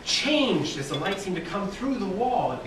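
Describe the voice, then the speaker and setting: Keynote speaker, male, high voice, playful storyteller, recorded from afar in a noisy, echoing hall. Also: normal speed. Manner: playful, tells an absurd dream tale with deadpan asides. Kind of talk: humorous storytelling speech. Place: banquet hall at an awards dinner. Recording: echoey, distant hall recording with loud noise.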